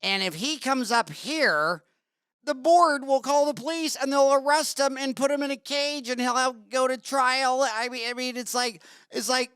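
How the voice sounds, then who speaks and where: A man's voice: very high voice, moderate pace, bright, forceful tone, clear, resonant tone, no echo, clean studio sound. A man hosting a podcast interview in casual chat, a rambling, jokey storyteller. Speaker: podcast host.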